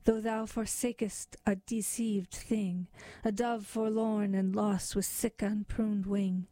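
A woman's voice: mid-range voice, fairly even intonation, slow pace, warm tone, dry recording, lightly acted. Woman reading as a sorrowful young bride. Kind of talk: poetry reading.

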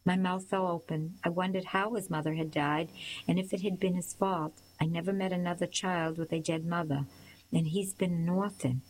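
A woman narrating a storybook in the first person with a steady, measured reading. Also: fairly low pitch, low-quality recording. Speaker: audiobook reader.

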